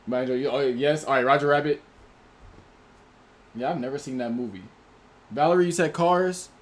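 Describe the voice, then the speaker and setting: A man hosts a relaxed livestream and talks straight to his chat. He reads viewers' names and their picks one after another in a loose, slangy way. His voice sits at an ordinary middle pitch for a man. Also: normal speed. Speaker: livestream host.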